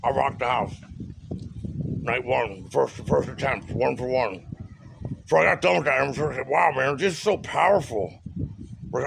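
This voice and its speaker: A man's voice: mid-range voice, creaky, noisy background. A man telling a personal story in a loose, casual way, with slang, swearing and lots of fillers. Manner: loose and profane, with street slang and many fillers.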